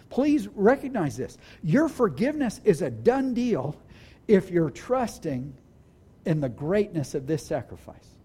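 A pastor delivering a sermon in a church hall, his voice pitched high and swinging widely in melody. The tone stays mellow and warm despite the height. He speaks earnestly, stumbling over restarts and slowing right down on the words he wants to land. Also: very animated, breathy edge. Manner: earnest, with restarts and slowed emphasis.

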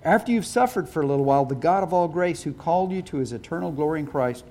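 A man's voice: fairly high pitch, expressive, quick pace, darkish tone. A middle-aged man preaching a sermon as pastor, speaking earnestly and with emphasis.

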